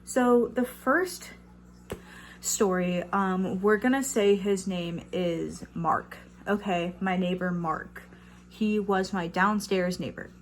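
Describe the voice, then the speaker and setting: A woman's voice: medium pitch, takes it slowly, a little hiss or hum. A young woman in her twenties telling a casual storytime vlog, chatty, with lots of fillers and some swearing. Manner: chatty, many fillers, swears when riled. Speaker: vlogger.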